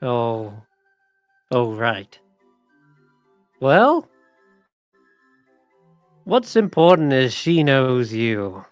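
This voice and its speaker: A man's voice: medium pitch, big pitch swings, very slow, long pauses, dry recording. Man playing old goblin, teasing, cryptic, dry close sound, faint music behind. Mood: dismissive. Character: old male goblin in butterfly costume, fussy and cryptic.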